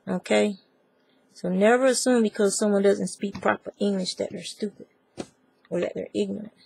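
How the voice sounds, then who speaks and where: A woman's voice: medium pitch, fairly even intonation, normal speed, vocal fry, a little mellow, a little hiss or hum. A woman with a Southern US accent giving a chatty, rambling crochet tutorial and talking straight to her viewers. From American South. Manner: chatty, digressive, talks to viewers as y'all. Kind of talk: casual crafting tutorial.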